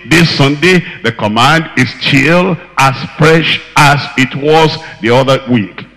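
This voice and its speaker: Man, preacher, sermon, emphatic repetition, slow delivery, long hall reverb. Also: a little high, sharp tone.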